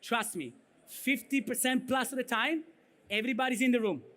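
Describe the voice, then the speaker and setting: On a conference stage, a man with a thick Italian accent gives a keynote in a high, slightly bright voice at normal speed. His style is blunt and punchy, and he keeps checking in with the audience by asking "right?" and "okay?"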